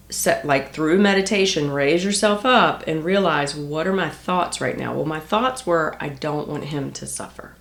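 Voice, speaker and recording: A woman coaching on manifestation, talking to viewers in an earnest, confiding way and sometimes dropping to a soft near-whisper. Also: low voice. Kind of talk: reflective personal talk to viewers. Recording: echoey room.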